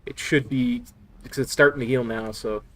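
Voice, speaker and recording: A man's voice: medium pitch, fairly even intonation, brisk, a bit bright, a little hiss or hum. A man streaming a game, chatting casually with viewers, with a slight lisp from a sore tongue. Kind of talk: casual live-stream chat.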